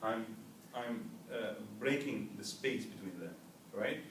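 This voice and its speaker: Speaking slowly in a lowish voice, a male language teacher lectures his class, sometimes leading them in saying words aloud and checking for understanding along the way. Recorded by a far camera, the audio is roomy and distant, with faint background noise.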